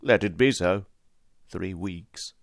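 A man voicing a starved, defiant young male captive who answers in a weak, low voice. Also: animated, normal speed, no echo, clean studio sound.

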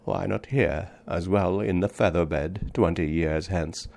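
A man reading aloud, voicing a dying, exhausted frontier wanderer in a tender, rough, folksy drawl. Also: fairly low pitch, moderate pace, darkish tone, close to an everyday voice. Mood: muttering.

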